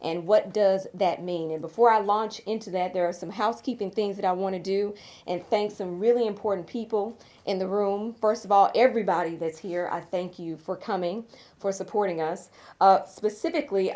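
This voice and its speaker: A woman's voice: mid-range voice, normal speed, darkish tone. A middle-aged woman from Tennessee with a Southern accent, hosting a charity awards evening in a chatty, self-teasing way. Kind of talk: live speech to an audience. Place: event room with a live audience. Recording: live room with crowd noise.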